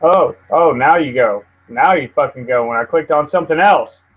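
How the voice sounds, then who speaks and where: A man's voice: fairly high pitch, normal speed, breathy edge, narrow, tinny audio. A man hosting a casual live news stream, swearing and venting at his computer as he rambles. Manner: profane, easily frustrated, rambling. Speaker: livestream host.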